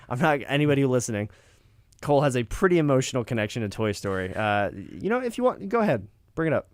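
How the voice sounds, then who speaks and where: A man's voice: mid-range voice, sing-song, fast, dry recording, studio quality. A young man co-hosting a podcast in casual chat, with a laid-back, chatty way of talking. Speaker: podcast co-host.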